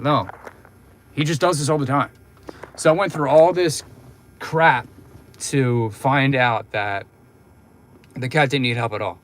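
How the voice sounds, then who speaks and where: A man's voice: medium pitch, slight background noise. A young man hosting a livestream, telling a long story in a casual, rambling way with lots of fillers and restarts. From Philadelphia, United States. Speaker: livestream host.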